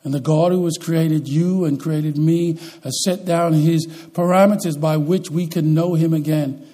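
A man preaching a sermon as pastor, swinging between loud, emphatic lines and quiet, slow ones. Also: fairly high pitch, steady tone.

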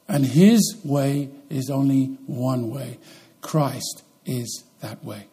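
A male pastor preaching a sermon in a high, husky voice with a mellow warmth. He moves between loud, emphatic declarations and quiet, slow passages.

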